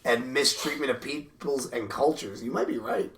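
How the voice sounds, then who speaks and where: A man's voice: medium pitch, moderate pace, a bit bright. A man co-hosting a podcast in casual, profane, rambling chat, laughing often. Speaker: podcast co-host.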